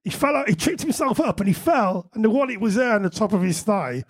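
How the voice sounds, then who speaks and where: A man's voice: sits high, animated, fairly quick. A man, a musician guest at a live on-stage Q&A, telling chatty anecdotes with frequent laughter and casual swearing. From England.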